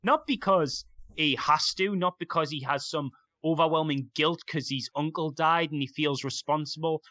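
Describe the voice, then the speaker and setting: A man's voice: a little high, normal speed, pushed and bright, no room sound, muffled recording. A young man chatting casually and enthusiastically, rambling with lots of fillers. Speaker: podcast guest. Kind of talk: casual chat.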